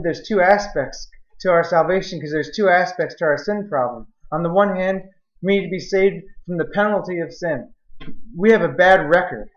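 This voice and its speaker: A man preaching a sermon in a noticeably high voice, quoting verses and building to earnest, emphatic stretches. The sound is roomy and slightly muffled, as if taped from a church. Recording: roomy, slightly dull recording.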